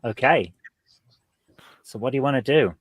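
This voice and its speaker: A man narrating as game master in a tabletop game, relaxed and playful. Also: medium pitch, moderate pace, slightly rough, no echo.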